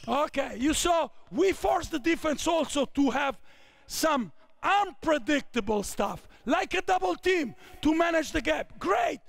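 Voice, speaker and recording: A man in his fifties with an Italian accent runs a basketball clinic, calling out short, barked commands to his players. His voice sits very high with a lively, swooping pitch and a gravelly edge. He talks slowly between the shouts. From Italy. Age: 50s. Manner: barking short drill commands. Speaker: basketball coach. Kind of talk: on-court coaching clinic. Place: indoor basketball court.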